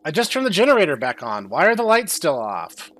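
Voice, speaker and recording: A young man doing sarcastic, deadpan commentary while playing a horror game. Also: on the high side, brisk. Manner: deadpan, dry sarcastic asides. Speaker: game streamer. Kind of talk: sarcastic let's-play commentary.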